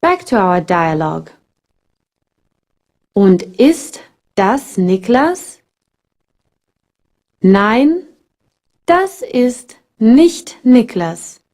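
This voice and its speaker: A woman narrating a scripted language lesson, modelling phrases slowly with careful enunciation. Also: a little high, big pitch swings, a little mellow. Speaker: language teacher.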